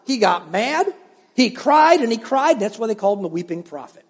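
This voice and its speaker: Older man, pastor, sermon, high-pitched, emphatic repetition, long church reverb. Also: very animated, normal speed, husky. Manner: emphatic, repeats phrases for stress, addresses the congregation directly.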